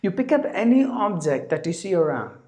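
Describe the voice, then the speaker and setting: A man teaching a spoken lesson. He talks slowly and carefully, sets out single words one at a time, and often clears his throat. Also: high-pitched, sing-song, mellow. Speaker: English teacher. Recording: echoey room.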